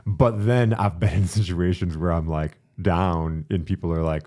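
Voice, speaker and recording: Man, low voice, podcast host, reflective, agreeable. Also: steady tone, moderate pace, mellow. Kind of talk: casual conversation.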